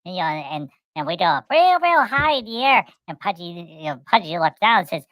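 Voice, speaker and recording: A woman's voice: on the low side, very animated, brisk, fairly bright tone, no echo. A woman voicing a cheerful podcast guest who rambles, repeats words and talks about itself in the third person. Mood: chatty. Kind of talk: rambling storytelling chat.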